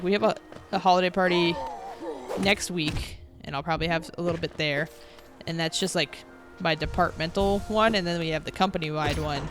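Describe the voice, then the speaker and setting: A woman in her thirties chatting casually on a live stream, reading out viewer comments, telling stories and laughing often. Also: lowish voice. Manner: chatty and laughing, reads viewer comments aloud and answers them. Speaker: game streamer.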